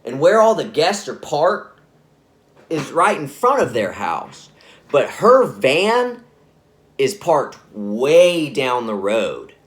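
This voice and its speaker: A man's voice: fairly high pitch, big pitch swings, slow. A man telling a spooky story in a casual, rambling way, often correcting himself. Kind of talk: spoken scary story narration.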